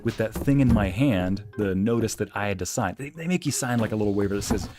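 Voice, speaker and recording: Over faint background music, a fast-talking man with a lowish voice streams a game and tells a story in casual chat. He gets animated, raising his voice to act out the quoted lines.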